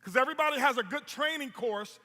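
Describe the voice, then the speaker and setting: High-voiced man giving a motivational stage talk. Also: fast, bright, forceful tone. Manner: storytelling, punchy repetition, rhetorical questions. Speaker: network marketing presenter. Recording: long hall reverb.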